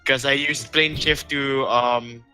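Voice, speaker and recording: A man with a very bright, sharp voice plays in a tabletop game session. He works through his turn out loud, hesitating and pausing as he thinks. Soft music plays faintly behind him. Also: mid-range voice, steady tone, rough recording. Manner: thinks aloud, hesitant, with fillers. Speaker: player. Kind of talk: casual tabletop game chat.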